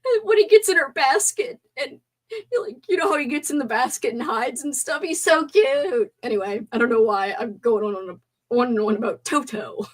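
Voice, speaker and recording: A young woman hosting a casual live stream movie talk, animated, swearing and gasping as she reads out chat comments. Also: a little high, a little fast.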